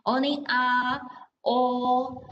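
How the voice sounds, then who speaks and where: A woman's voice: sits high, level tone, drawn-out words, a bit bright, lo-fi sound, a little hiss or hum. A woman teaching a Mandarin class. She explains patiently, models sounds for students to repeat, and checks in often by asking "okay?". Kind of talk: classroom language lesson. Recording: roomy echo.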